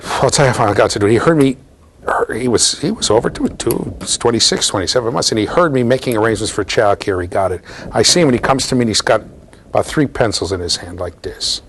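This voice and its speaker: A man giving a classroom lecture at a university, chatty and animated, asking the class questions and acting out little voices. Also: mid-range voice, fast talker, slight background noise.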